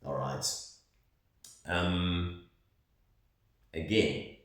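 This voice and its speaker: A South African-born man vlogging in an earnest, rambling monologue with pauses. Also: low-pitched, fairly even intonation. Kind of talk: casual monologue to camera. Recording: very echoey, far from the mic.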